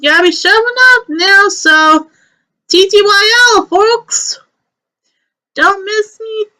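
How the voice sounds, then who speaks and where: A chatty, overly talkative little male rabbit critter from a fantasy game, put on by a woman reading the story aloud. His voice rides high and bright, and he rambles in a chummy, folksy way. He takes his time, lingering on his words. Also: slow pace, exaggerated voice.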